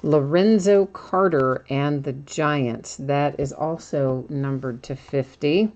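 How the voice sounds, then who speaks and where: A woman's voice: deep voice, slow pace, a little mellow, highs cut off, slight background noise. A woman hosting a live card-breaking stream, chatting casually and laughing often as she reads out each card.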